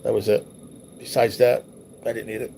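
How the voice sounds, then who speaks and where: A man's voice: medium pitch, level tone, moderate pace, vocal fry, dark tone, a little hiss or hum. A man hosting a livestream, reminiscing casually over old photos in a loose, rambling, profane way. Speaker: livestream host.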